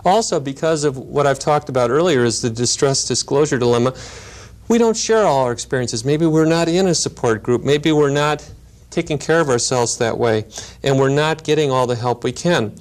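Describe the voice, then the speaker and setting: A man lecturing in a measured, explanatory way, with storytelling asides. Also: medium pitch. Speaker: lecturer on grief and helping work. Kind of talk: recorded teaching lecture.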